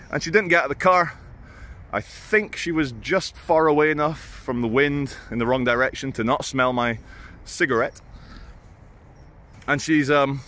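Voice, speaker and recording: A man's voice: a little high, fairly bright tone. Rambling British man telling stories. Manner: rambling, crude, self-mocking. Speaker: vlogger. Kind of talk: casual anecdotal storytelling.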